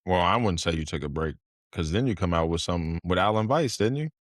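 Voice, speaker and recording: Deep-voiced laid-back male podcast host. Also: lively intonation, quick pace, no room sound, clean studio sound. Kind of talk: casual podcast interview.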